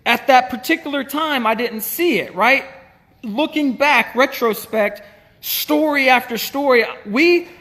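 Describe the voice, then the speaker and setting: A man telling a casual faith story about starting a small business, animated and full of restarts as he acts out past conversations. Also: extremely high pitch, in a large hall.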